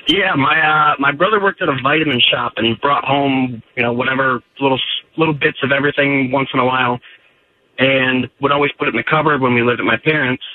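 A man's voice: mid-range voice, fairly quick. A male caller phoning in to a radio show, telling a story in a plain, matter-of-fact way. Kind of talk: casual phone call. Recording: phone line.

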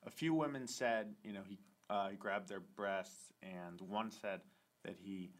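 A man's voice: fairly low pitch, a little slow. A man on a podcast, giving a blunt, matter-of-fact recap as co-host. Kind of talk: casual podcast chat.

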